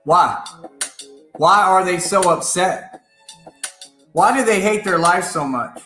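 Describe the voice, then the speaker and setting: A man's voice: high-pitched, takes it slowly, pushed and bright, roomy sound, soft background music. A man hosting an online radio show, ranting in a defiant, boastful and profane way at his critics. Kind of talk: ranting live-stream monologue.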